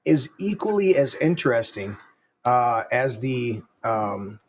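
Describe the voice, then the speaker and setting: A man's voice: mid-range voice, sing-song, slow, a little hiss or hum. A man hosting a podcast in loose, rambling chat, often restarting his sentences. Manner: rambling, restarts often, puts on quoted voices. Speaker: podcast host.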